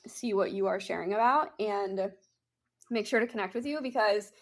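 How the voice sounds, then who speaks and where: A woman's voice: mid-range voice, moderate pace. A woman hosting a podcast interview, chatty and full of exclamations. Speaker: podcast host.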